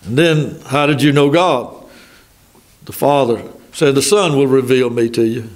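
An older man with a Southern American accent preaching a sermon in a folksy way, stopping for asides and reading scripture slowly. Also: medium pitch. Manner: folksy, thinking aloud with asides. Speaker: pastor.

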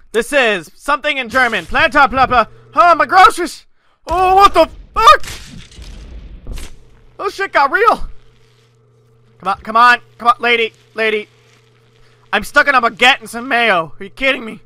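A gaming channel host giving let's-play commentary, excitable, yelling and swearing at the game. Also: mid-range voice, unhurried, long pauses.

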